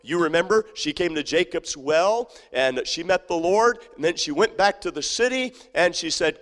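A man's voice: fairly high pitch, expressive, normal speed, few pauses, a bit bright. A man preaches in a church auditorium, his slightly raised voice ringing with a long hall reverb. He is emphatic and repetitive, circling back with many fillers and restarts. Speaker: pastor. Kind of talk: sermon.

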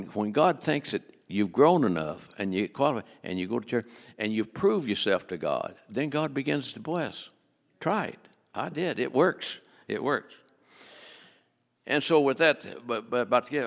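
Folksy older preacher, gravelly. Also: male voice, medium pitch, animated, normal speed, big-room sound. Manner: folksy, joking, full of restarts. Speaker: guest preacher. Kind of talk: sermon on giving. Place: church sanctuary.

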